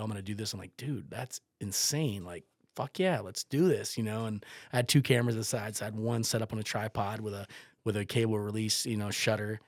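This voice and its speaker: A man's voice: fairly low pitch, no echo, studio quality. A man, a photographer and podcast guest, telling a story casually and animatedly, acting out quotes and swearing freely.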